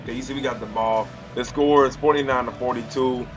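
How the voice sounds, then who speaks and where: A young man doing casual, loud and slangy commentary over his own video game play. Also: mid-range voice, steady tone, quick pace, highs cut off. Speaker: gaming commentator. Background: game crowd noise.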